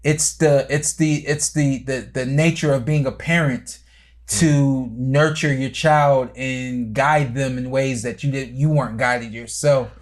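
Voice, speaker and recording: A man's voice: mid-range voice, fairly even intonation, a little slow. A man hosting a podcast in casual chat, a former boxer telling stories earnestly and with animation.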